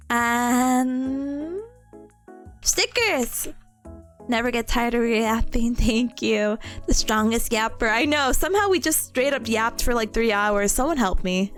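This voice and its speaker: A young woman streaming a casual chat, bubbly and giggly, stammering and squealing with excitement. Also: sits high.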